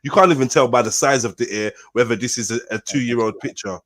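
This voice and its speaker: A man's voice: medium pitch, fast talker, a bit bright, no echo. A man on a live podcast call, arguing casually and insistently, repeating himself and swearing. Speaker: podcast panelist.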